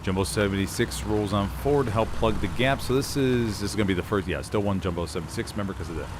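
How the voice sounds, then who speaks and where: A man's voice: fairly low pitch, fast. A man casting a live competitive shooter match, giving chatty, self-deprecating play-by-play. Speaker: esports caster. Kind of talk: live game commentary. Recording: game noise behind the voice. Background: gunfire, artillery and vehicles from the game.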